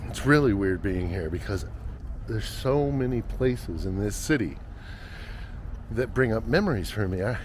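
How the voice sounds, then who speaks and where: A man's voice: on the low side, lively intonation, unhurried. A middle-aged man narrating a walking vlog through city streets and a market, reflective and conversational, thinking aloud. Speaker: vlogger and reporter. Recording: noisy outdoor street ambience. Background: city traffic and street noise.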